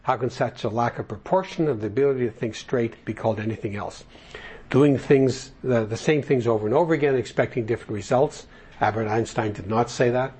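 An older man leads a recovery study group, reading passages aloud and explaining them in plain words, with asides along the way. His mid-range voice moves fairly quickly, with a darkish tone and a breathy edge.

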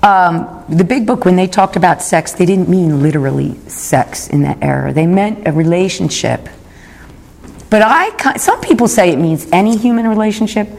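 Candid gravelly-voiced woman in her fifties. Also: fairly low pitch, normal speed, a little mellow. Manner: candid, reflective, confessional. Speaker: speaker sharing at a recovery meeting. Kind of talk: personal recovery talk. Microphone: recorded talk.

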